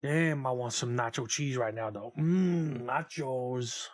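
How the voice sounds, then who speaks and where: A man's voice: medium pitch, slow pace. Profane joking male game streamer. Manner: profane, rambling, joking with chat. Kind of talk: casual live-stream gaming chat.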